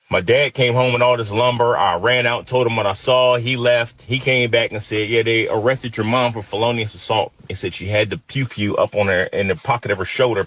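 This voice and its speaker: A man's voice: on the low side, fairly bright tone. A man in his fifties from Detroit telling a personal story with intense, emotional, vivid retelling. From Detroit, USA.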